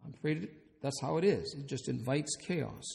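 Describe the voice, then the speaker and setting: Man, hospice chaplain, gravelly voice, joking storyteller, conference hall with long reverb. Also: medium pitch, normal speed, darkish tone. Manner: humorous, asks the audience questions.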